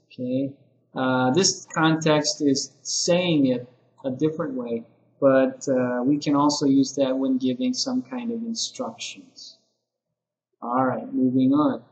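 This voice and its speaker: A man training ESL teachers in a recorded lesson, explaining patiently with many pauses. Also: mid-range voice, steady tone, roomy sound, rough recording.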